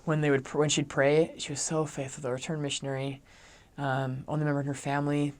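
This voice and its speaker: A young adult man who is a returned missionary tells a story in a casual, chatty, animated way, saying "like" a lot. His voice is on the high side and quick.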